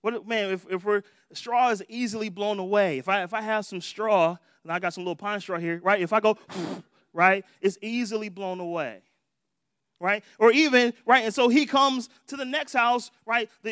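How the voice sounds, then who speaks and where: A man's voice: high-pitched, a bit bright, smooth, dry recording, clean studio sound. A man preaching a sermon in a conversational, playful way, often checking in with "right?".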